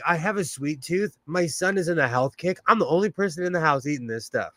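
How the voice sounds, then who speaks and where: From his home in California, a man hosts a casual live stream, reading the chat aloud and laughing often. His voice is fairly high and a bit bright, captured in a dry recording.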